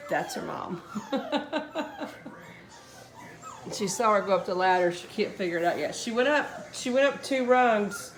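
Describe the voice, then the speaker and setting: A woman's voice: medium pitch, animated, a little slow, pauses often, roomy sound, slight background noise. A woman filming her puppies at home, cooing and baby-talking to them and laughing often. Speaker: puppy breeder filming her litter. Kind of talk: casual home video narration. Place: indoors at home with dogs.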